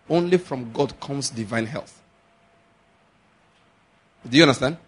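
Husky-voiced preacher. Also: male voice, medium pitch. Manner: animated, acts out little dialogues and laughs often; slows to a measured chant on scripture. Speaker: pastor. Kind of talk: sermon.

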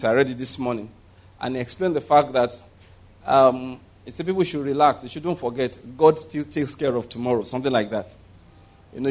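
A man's voice: mid-range voice, darkish tone. A man preaching a sermon, often checking whether the congregation is following him and leading them in repeating his words. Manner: asks the congregation if they hear him, leads call-and-response with laughs. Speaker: pastor.

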